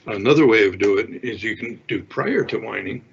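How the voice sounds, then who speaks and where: A man's voice: fairly low pitch, animated, brisk, vocal fry. An older man, a parenting expert, giving conversational advice and answering viewer questions, acting out little example dialogues. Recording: dull lo-fi sound with faint noise.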